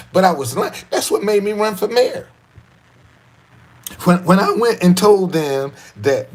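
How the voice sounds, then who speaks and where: Husky, animated D.C. man. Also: high voice. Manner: profane, repetitive, emphatic street talk. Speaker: guest telling his life story. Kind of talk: animated storytelling.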